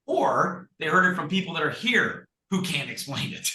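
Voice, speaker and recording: Emphatic bright-voiced man, echoey room. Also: on the high side, normal speed. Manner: animated, emphatic, acts out sample conversations. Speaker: guest speaker, recruiting coach. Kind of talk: energetic coaching talk on a video call.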